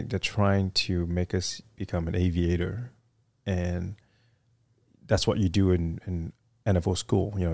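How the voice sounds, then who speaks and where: A middle-aged man with a Vietnamese accent, a retired military aviator telling his story in a relaxed interview, full of "you know" fillers. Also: low-pitched, gravelly, no room sound, clean studio sound. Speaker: interview guest, retired Marine fighter weapons officer.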